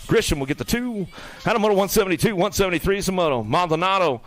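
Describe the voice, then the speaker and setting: A man calls live BMX motos in quick bursts, running through rider names as they come down the straightaways. He teases the riders between heats in a joking, bantering way. His voice sits somewhat high for a man. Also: expressive, fairly bright tone, no room sound. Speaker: race announcer. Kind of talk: live BMX race commentary.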